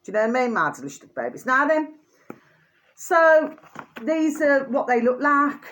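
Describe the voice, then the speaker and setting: A woman's voice: sits high, expressive, normal speed, a bit bright. An older woman chatting casually in a show-and-tell vlog, doting and rambling, full of fillers and repeated pet names. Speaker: vlogger.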